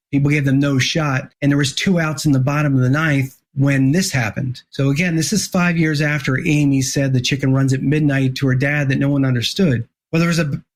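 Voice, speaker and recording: A man, an author and former sportswriter, telling a story as an interview guest, animated and full of restarts. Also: medium pitch. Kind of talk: conversational storytelling.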